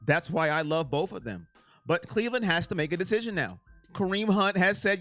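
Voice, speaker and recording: Man, live-stream host, casual sports chat, high bright voice, emotional, reads chat aloud, dry close sound. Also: brisk, no room sound, soft background music. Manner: animated, reads and answers chat by name; self-described as very emotional.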